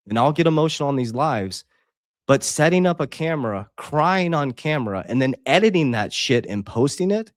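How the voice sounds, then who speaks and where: A man's voice: medium pitch, no echo, studio quality. Intense man hosting a livestream. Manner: intense, preachy, swings between loud and quiet; reads out chat comments and Bible verses. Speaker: livestream host. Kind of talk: casual livestream talk.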